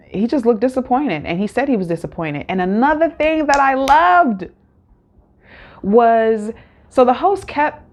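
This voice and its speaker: A woman hosting a casual solo recap, talking candidly with many fillers and acted-out quotes. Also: on the high side. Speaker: show recap host.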